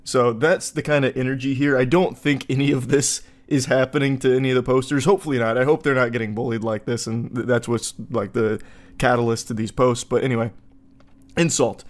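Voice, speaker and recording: A man giving reaction commentary in a sarcastic, incredulous tone, often jumping into exaggerated high quips. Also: fairly even intonation, a little fast. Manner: sarcastic, incredulous, mock-puzzled. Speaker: online commentator.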